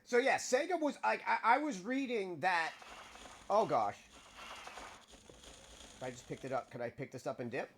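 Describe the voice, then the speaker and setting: A man's voice: high-pitched, expressive, moderate pace, long pauses, fairly bright tone, a little hiss or hum. A man streaming a game live and chatting casually, rambling and restarting his words as he talks. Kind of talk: casual chat while playing a game.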